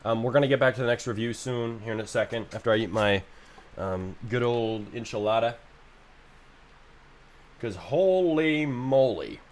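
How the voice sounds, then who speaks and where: A man's voice: on the low side, fairly even intonation, a little fast. A young man live-streaming, ranting about his internet in a frustrated, casual way and swearing freely.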